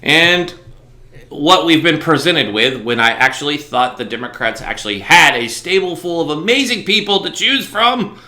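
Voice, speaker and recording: Bright-voiced male host in an echoey room. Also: on the high side, sing-song, moderate pace. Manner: emphatic, opinionated, often gets loud. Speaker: talk show host. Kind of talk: casual interview conversation.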